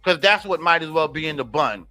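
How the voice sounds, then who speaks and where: Animated man ranting on morning radio. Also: brisk, faint music behind. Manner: animated, swinging from loud outbursts to low mutters. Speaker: radio show co-host. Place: radio studio. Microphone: studio microphone.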